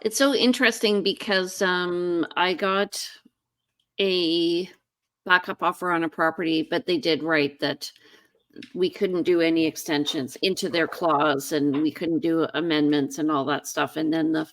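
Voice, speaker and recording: Low-voiced woman hosting. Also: fairly even intonation, a little slow, a bit bright. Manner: friendly, talks with many ums and restarts. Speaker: real estate agent, host. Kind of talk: casual chat.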